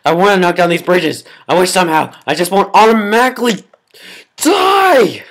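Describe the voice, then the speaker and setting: A gameplay commentator who rages melodramatically at the game, groaning and yelling at every failure. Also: medium pitch, fast talker. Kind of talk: raging let's-play commentary.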